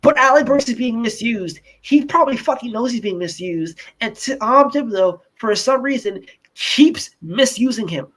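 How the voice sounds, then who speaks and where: A man's voice: very high voice, animated, normal speed, a bit bright, low-quality recording. A young adult man co-hosting a casual sports podcast, ranting in exasperation and swearing often. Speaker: podcast co-host.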